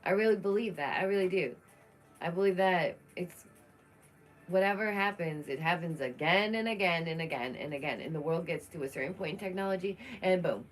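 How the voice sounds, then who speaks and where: A woman's voice: fairly low pitch, brisk, soft background music. A young woman chatting casually and outspokenly through a true crime commentary vlog, laughing often.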